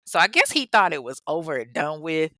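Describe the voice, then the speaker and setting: A woman's voice: low voice, sing-song, brisk, bright, forceful tone, dry recording. A woman casually telling a crime story in a sassy, profane way, talking straight to her listeners. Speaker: podcast host.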